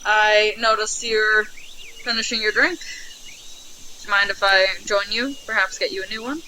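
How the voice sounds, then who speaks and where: A player speaking in character at a tabletop game, polite and measured. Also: mid-range voice, steady tone, pushed and bright, slight background noise, low-quality recording.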